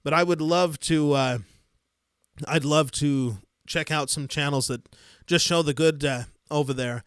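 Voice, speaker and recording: A man from the United States with a Midwestern accent, hosting a casual livestream and answering viewer comments in a rambling, easygoing way with soft chuckles. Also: a little high, fairly even intonation, unhurried, clear, resonant tone, no echo, clean studio sound. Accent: Midwestern American. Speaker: livestream host. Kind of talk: casual live-stream chat, reading viewer comments.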